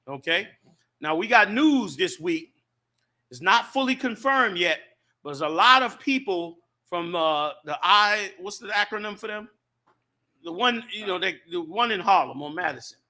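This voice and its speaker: A man hosting a show and talking in a fiery, preachy way, swinging from loud, shouted points to low asides. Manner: preachy and impassioned, rising to shouts, then dropping low. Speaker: show host and group leader. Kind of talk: fiery casual talk.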